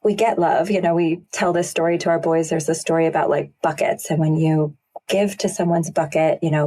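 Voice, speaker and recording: A woman's voice: sits low, dark tone. A woman co-hosting a podcast, telling personal stories in a reflective, conversational way. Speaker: podcast co-host.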